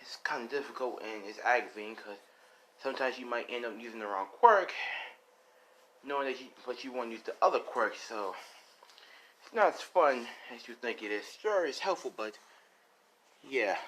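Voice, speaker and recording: A man's voice: mid-range voice, animated, normal speed, long pauses, fairly bright tone, a little hiss or hum, lightly acted, poor audio. A man voicing a laid-back teenage boy hero, talking in a slangy, easygoing way. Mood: explaining. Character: teen boy hero with many powers.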